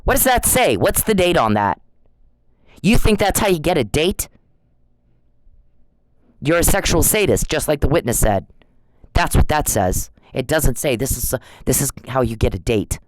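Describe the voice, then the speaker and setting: A man's voice: mid-range voice, expressive, moderate pace, no echo, rough recording. A man delivering an angry, profane rant straight at the person he is confronting, repeating the same warnings again and again. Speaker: vlogger addressing a harasser. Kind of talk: angry direct-address rant.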